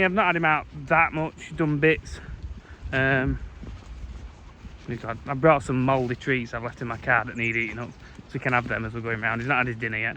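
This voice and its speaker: Young farmer rambling on a walk, bright voice, bit of wind noise, keeps calling the dog. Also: male voice, mid-range voice, poor audio. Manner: chatty, rambling, calls to his dog. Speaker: farmer vlogger. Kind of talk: casual walking vlog. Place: outdoors in windy farm fields.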